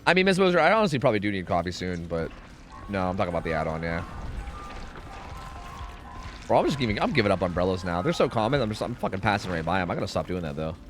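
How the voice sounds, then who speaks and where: A man's voice: deep voice, very animated, quick pace, long pauses, faint music behind. A young American man chatting casually while streaming a game, rambling, swearing and humming to himself. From United States. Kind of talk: casual gaming livestream chat.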